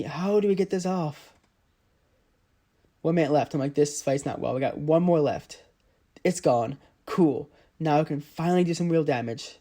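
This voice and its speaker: A man's voice: fairly high pitch, mellow. A man giving casual play-by-play commentary over his own mobile game footage, often exasperated. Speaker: gaming channel host.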